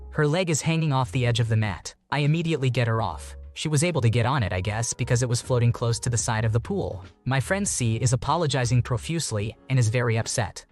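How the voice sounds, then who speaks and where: A man narrating online posts aloud in a steady, even reading voice. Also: medium pitch. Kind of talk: scripted narration.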